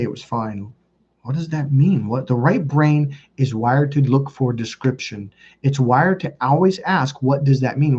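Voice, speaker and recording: A middle-aged man coaching on dating, telling a long anecdote in a loose, rambling way and swearing as he goes. His voice is dark and husky, and he pitches it up to act out the people in his story. The recording sounds dull and lo-fi. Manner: profane, rambling, acts out quoted voices. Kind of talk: casual storytelling monologue.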